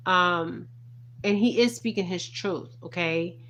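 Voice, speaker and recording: A woman with a fairly low-pitched, fairly bright voice speaks slowly, offering earnest spiritual commentary in a casual vlog as a spiritual reader. She's emphatic, stressing each point and tagging most lines with "okay?" constantly. A little hiss or hum is audible.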